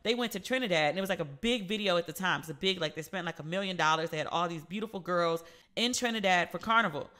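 A bright, forceful woman hosts a casual solo podcast. She tells gossipy stories with animated energy and slips into the voices of the people she quotes. Her tone is sharp and lively throughout. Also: on the low side, fast talker. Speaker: podcast host.

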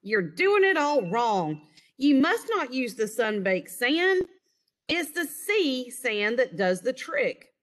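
A woman voicing a grumpy old male seaside hermit who scolds gruffly and deliberately, in a storybook reading. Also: sits high, big pitch swings, fairly bright tone, pitched above the performer's own voice, exaggerated voice. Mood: scolding.

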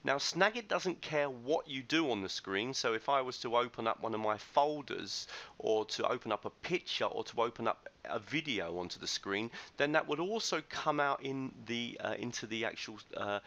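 A man's voice: medium pitch, lively intonation, normal speed, sharp tone, highs cut off. A man giving a chatty, enthusiastic screencast tutorial as a teacher trainer, recorded on a computer microphone. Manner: chatty, enthusiastic explaining with loose restarts.

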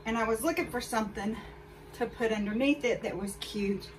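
A chatty woman talking straight to her viewers as she tries on clothes. Her voice sits a little high for a woman. She is a bit away from the mic, with faint noise in the background. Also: fairly quick, distant mic, low-quality recording. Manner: chatty, candid, addresses viewers directly. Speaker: fashion haul vlogger. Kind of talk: casual try-on haul chat.

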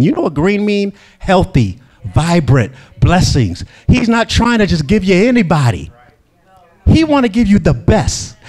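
Guy preaching, big swings up and down, jumps into voices for quotes, lots of laughing. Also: sits high. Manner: animated, laughing asides, acts out quotes. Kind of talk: sermon.

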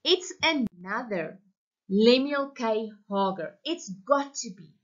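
A woman's voice: on the high side, animated, takes it slowly, lo-fi sound. A woman reading aloud the lines of a desperate, uneasy husband caught cheating. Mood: pleading. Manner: uneasy, pleading.

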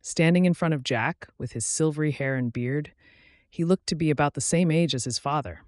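A man narrating his own story like an audiobook, reading at a measured, steady pace. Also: on the high side, no echo, clean studio sound.

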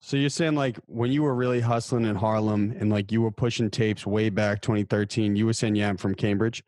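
A man's voice: fairly low pitch, fairly even intonation, a little fast, a little mellow, no echo. A man hosting a casual podcast interview, asking questions in a laid-back, friendly way. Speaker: podcast host.

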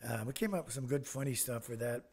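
A man's voice: mid-range voice, quick pace, a little mellow, slightly rough. An older man, a comedian guest on a podcast, telling rambling anecdotes with many fillers and restarts. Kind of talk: casual anecdotes.

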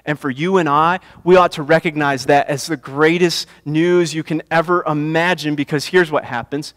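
A man's voice: a little high, steady tone, normal speed, fairly bright tone, long reverb tail. A man preaching a sermon as pastor, building to impassioned emphasis and repeating his phrases. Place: church sanctuary.

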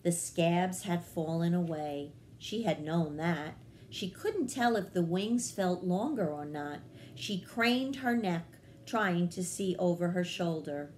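A woman reading a children's book aloud in a calm, measured manner. Her voice sits low for a woman and moves at an unhurried, deliberate pace. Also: a little hiss or hum. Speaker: children's librarian. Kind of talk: children's read-aloud narration.

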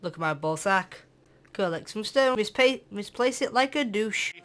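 Teen voice, British accent, gameplay commentary, jokey, sing-song, excitable yelps, mid pitch. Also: normal speed. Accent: British English. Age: teens. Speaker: gameplay channel host. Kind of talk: let's-play gameplay commentary.

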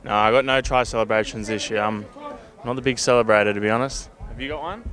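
A man, a rugby league player, giving modest, low-key answers outdoors. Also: fast, a crowd in the background. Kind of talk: casual interview answers.

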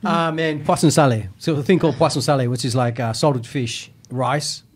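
A man from the UK chatting casually, animated, with many restarts and repeated words. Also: medium pitch, normal speed, slight background noise. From United Kingdom. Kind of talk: casual chat.

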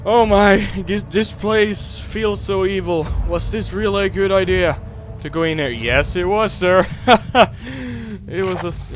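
High-voiced young man narrating horror gameplay. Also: measured pace, a little hiss or hum. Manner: talks to himself, swears, jokes, screams at scares. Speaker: gameplay commentator. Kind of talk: horror let's play commentary. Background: game music.

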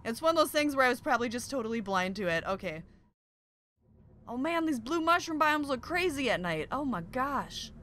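A young woman hosting a game playthrough, commenting excitedly and often gasping "oh my gosh" at what she finds. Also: high voice, moderate pace, slight background noise. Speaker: gaming video host. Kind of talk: excited let's-play commentary.

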